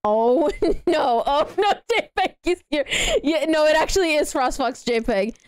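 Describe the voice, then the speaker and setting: A young woman in her late teens with a girlish, childlike voice, chatting excitedly and giggling as she streams a game and thanks donors. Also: sits high, a little slow. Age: young adult. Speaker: live streamer. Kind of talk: casual livestream gaming chatter.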